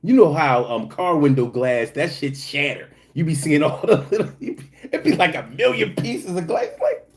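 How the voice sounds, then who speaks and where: Man, livestream host, lively swooping voice, profane joking chat. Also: moderate pace. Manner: animated, swings high when telling stories.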